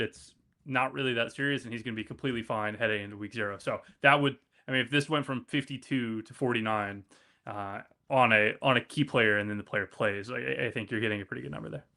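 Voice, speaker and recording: Guest: man with a bright, sharp voice, stop-start and offhand about his betting picks. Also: medium pitch, creaky. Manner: halting, lots of fillers and restarts, offhand. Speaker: college football betting guest. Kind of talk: casual sports betting chat.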